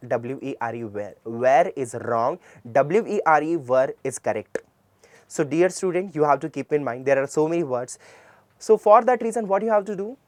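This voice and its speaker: In a classroom lecture, a man with an Indian English accent teaches English pronunciation, spelling words out letter by letter and repeating them with emphasis. His voice is fairly high and expressive, his pace a little fast, and there's no echo.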